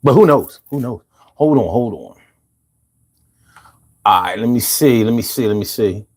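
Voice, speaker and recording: A man's voice: medium pitch, lively intonation, unhurried, breathy edge. A man hosting a livestream podcast, chatting casually and reading viewer comments with loose, profane banter.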